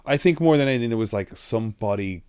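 A man's voice: mid-range voice, lively intonation, fast, darkish tone, clean tone. A man co-hosting a casual podcast who chimes in with short, blunt remarks. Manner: brief interjections, blunt, swears. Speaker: podcast co-host. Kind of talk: casual chat.

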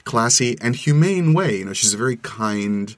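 A man's voice: medium pitch, animated, normal speed, no room sound. A man who is a guest on a podcast, talking about films enthusiastically and casually with many restarts. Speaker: podcast guest film critic.

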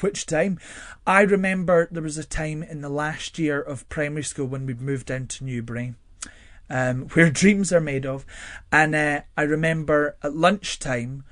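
A young male guest in a studio interview, recorded on a studio microphone with no room sound, has a somewhat high voice. He tells personal stories expressively, full of fillers and laughter.

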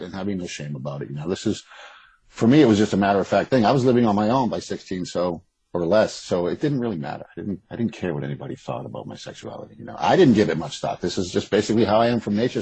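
Husky, fast-talking man. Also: low voice, dark tone, no echo, low-quality recording. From Boston area. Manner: rambling, frank, swears freely. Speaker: author and guest. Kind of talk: casual interview conversation.

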